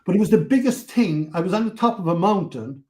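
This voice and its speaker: Older Irish man, Cork accent, lively raconteur with a slightly raised voice; a guest who acts out every scene. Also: high-pitched, fast talker. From Ireland. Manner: animated, acts out quotes, swears freely. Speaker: podcast guest. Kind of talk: storytelling interview.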